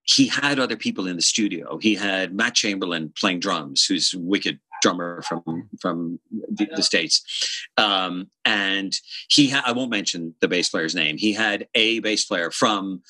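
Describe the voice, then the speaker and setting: A man in his fifties, a session bassist guest telling animated, profane stories in a casual interview. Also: unhurried, dry recording, rough recording. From Ireland. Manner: animated, profane, hums bass lines.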